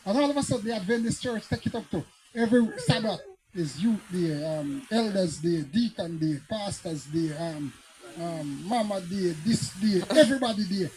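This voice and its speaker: A man's voice: sits high, expressive, moderate pace, crowd noise, rough recording. Fiery Jamaican preacher man. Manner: storytelling, rising to fiery emphatic preaching. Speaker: pastor. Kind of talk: preaching Bible teaching.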